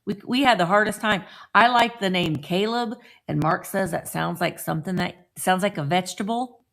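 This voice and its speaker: Middle-aged woman, casual live-stream host, low gravelly voice, greets every viewer by name. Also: moderate pace, fairly bright tone. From Indiana.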